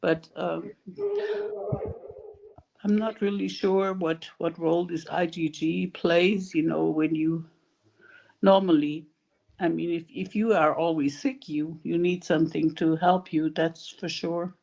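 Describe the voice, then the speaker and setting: A woman's voice: on the low side, fairly even intonation, unhurried, gravelly, a little mellow, dull audio. A woman talking thoughtfully and asking questions, with many fillers, in an online support group. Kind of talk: casual video call chat. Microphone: video call.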